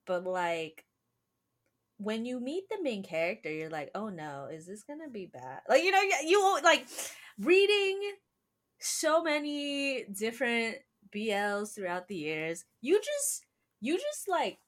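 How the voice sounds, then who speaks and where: A woman's voice: fairly high pitch, sing-song, slow pace, fairly bright tone. A woman hosting a podcast in casual chat, chatty and full of fillers, laughing often. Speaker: podcast host.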